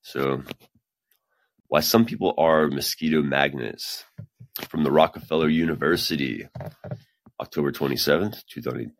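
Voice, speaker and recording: A man's voice: extremely low pitch, fairly even intonation, moderate pace, pauses often. A man hosting a podcast, reading science news aloud and breaking off into casual, swearing, self-deprecating asides. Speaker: podcast host.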